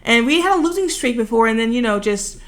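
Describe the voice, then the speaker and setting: A woman's voice: on the high side, lively intonation, quick pace, fairly bright tone. Chatty, rambling young woman. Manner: rambling, chatty, full of fillers. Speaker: video creator. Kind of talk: casual voiceover storytelling.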